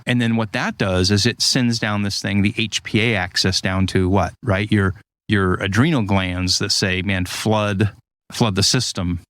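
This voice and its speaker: A man in casual conversation, explaining ideas through lively stories and acted-out quotes. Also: lowish voice, a little slow, no echo. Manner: animated storyteller, acts out quotes.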